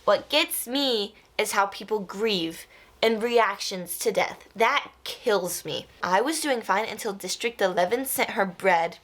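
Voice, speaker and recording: A woman's voice: medium pitch, a little slow, a bit bright. A young woman book vlogger chatting casually and animatedly about a novel, often laughing. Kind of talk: casual reading vlog.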